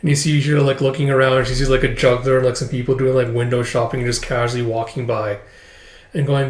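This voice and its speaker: A man's voice: medium pitch, little pitch movement, fast talker. A man casually retelling a story in a chatty, offhand way. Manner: casual, peppered with "it's like". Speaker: video host retelling a comic chapter. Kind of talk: casual recap with voiced parts. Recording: roomy echo.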